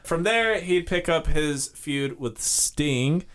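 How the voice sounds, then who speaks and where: A man's voice: on the high side, expressive, takes it slowly, fairly bright tone. A man co-hosting a podcast, reading out facts in casual chat with a dry, sarcastic edge. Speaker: podcast co-host.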